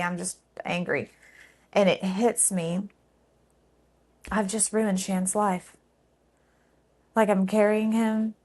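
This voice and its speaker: A middle-aged woman recounting a painful personal story, halting and emotional, with frequent fillers. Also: on the low side.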